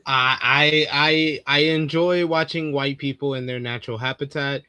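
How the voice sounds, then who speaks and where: A man co-hosting a casual movie review chat, joking in a dry, unhurried way. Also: medium pitch, steady tone, bright, forceful tone, clean tone, no echo. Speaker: co-host of a movie review show.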